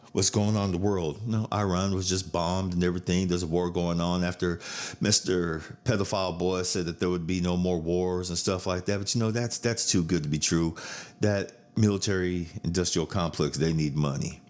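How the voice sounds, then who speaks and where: Deep-voiced blunt man on a podcast. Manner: blunt, profane, laughs while telling stories. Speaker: podcast host. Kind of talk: casual chat.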